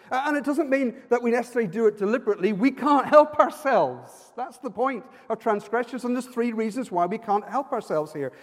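Male preacher, earnest sermon, high voice, long church reverb. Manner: earnest, personal, rising to emphatic repetitions.

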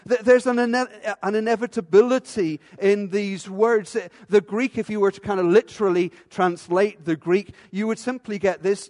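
Man, preacher, sermon, high voice, emphatic rhetorical questions, long church reverb. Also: steady tone, normal speed, few pauses, darkish tone. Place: church with a stage.

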